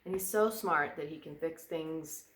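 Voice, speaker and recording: A woman's voice: low voice, measured pace, fairly bright tone, roomy sound, a little hiss or hum. A woman vlogger chatting casually, rambling and drifting onto tangents. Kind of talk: casual chat. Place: indoor room by a fireplace.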